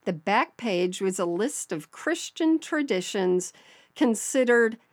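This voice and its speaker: A Southern American woman co-hosting a podcast reads out a listener's story in a chatty, storytelling style, laughing often. Her mid-range voice is expressive and slow-paced, captured in studio quality with no echo.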